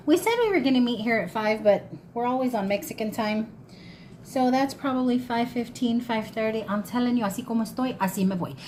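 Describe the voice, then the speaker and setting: Here a woman talks to her phone camera outdoors by a grill, anxiously chatting about a scam call she just received while preparing a cookout. The audio of her mid-range voice is poor, and wind and outdoor sounds fill the background.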